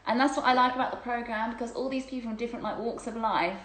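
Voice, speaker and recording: A woman's voice: fairly high pitch, steady tone, quick pace, fairly bright tone, reverberant, poor audio. A woman hosting a casual livestreamed chat, reading out viewer questions, gushing and chatty and laughing often.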